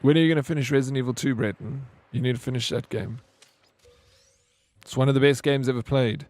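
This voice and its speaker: A man's voice: mid-range voice, fairly even intonation, quick pace, darkish tone. A young man streaming a game, chatting casually and talking straight to his viewers by name. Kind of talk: casual live-stream chat.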